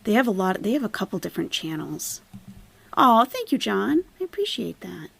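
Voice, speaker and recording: A woman's voice: medium pitch, big pitch swings, normal speed, vocal fry, a bit bright, breathy edge. A woman hosting a commentary channel, reading viewer comments aloud and answering them with sarcastic, casual remarks.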